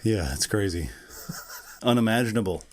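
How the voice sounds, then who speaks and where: A man co-hosting a podcast, chatting casually in a relaxed, rambling way and laughing often. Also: fairly low pitch, unhurried. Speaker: podcast co-host. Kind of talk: casual chat.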